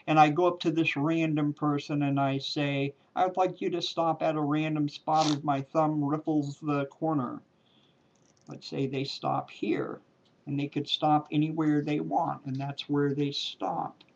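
A man chats his way through a card trick in a joking, goofy way. His speech is slow and drawn out, his voice a little high. The sound is muffled and lo-fi, like an old home video. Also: a little mellow. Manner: playful, jokey, drawn-out emphatic words. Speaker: amateur magician performing a card trick. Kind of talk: casual talk to camera while doing a card routine.

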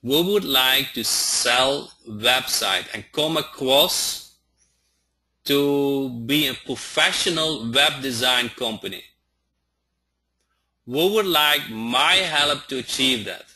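A man teaching a live online training, speaking haltingly and often checking in with his listeners. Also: medium pitch, lively intonation, sharp tone, breathy edge. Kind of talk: live webinar instruction.

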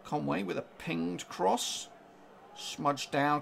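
A man giving live reaction commentary on a football match, urging his team on and getting excitable. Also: medium pitch, normal speed, gravelly, pauses often, noisy background. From England. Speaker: fan reaction streamer.

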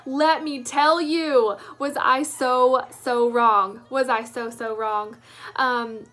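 A woman's voice: high-pitched, steady tone, slow pace, a bit bright. A woman, telling her story as a sales director with enthusiastic emphasis. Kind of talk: personal testimonial.

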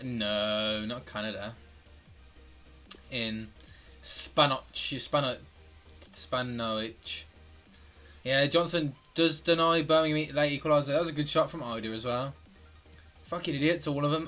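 A man in his twenties with a British accent, commenting live on his own football video game, swearing a lot and swinging from mutters to yells. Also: mid-range voice. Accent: British English. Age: 20s. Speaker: gaming streamer.

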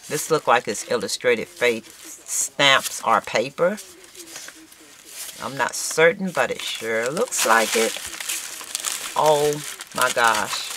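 A woman with a low voice gushes her way through a craft vlog, exclaiming over everything she unboxes. She talks at an unhurried pace, and the recording carries steady background noise with paper crinkling. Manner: gushing, exclamatory, emotional and grateful. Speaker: crafting vlogger. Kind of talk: casual chat while unboxing mail.

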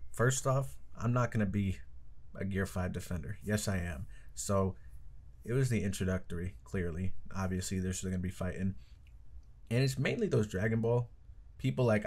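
A man's voice: deep voice, a little mellow. A man hosting an anime reaction video, talking casually in a rambling, profane way, heavy on "like" and "I don't know.". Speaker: anime reaction channel host.

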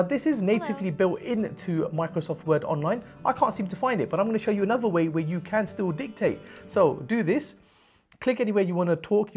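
Husky upbeat man walking through software. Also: high voice. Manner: upbeat, explains step by step, frequent "okay?". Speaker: tech tutorial presenter. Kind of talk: screen-recorded software tutorial.

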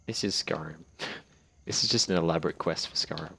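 A young Australian man joking and swearing through casual gameplay commentary, with sudden loud outbursts. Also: very deep voice, a little fast, vocal fry, slightly rough. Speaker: gaming channel host. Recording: loud game gunfire and noise behind.

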